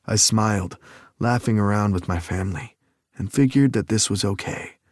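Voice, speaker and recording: A man narrating a romance audiobook in first person, measured and even. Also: on the low side, dry recording, clean studio sound.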